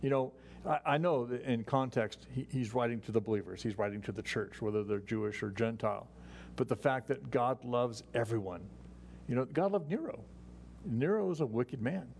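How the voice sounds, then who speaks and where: Chatty pastor teaching the Bible, faint hum. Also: male voice, mid-range voice, normal speed, vocal fry. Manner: relaxed and chatty, many "you know"s and restarts, chuckles.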